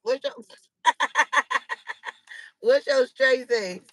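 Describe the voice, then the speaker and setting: A woman's voice: high-pitched, extremely slow, dry recording, poor audio. A woman, hosting a casual livestream chat from home, laughing heartily and teasing playfully. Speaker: channel host.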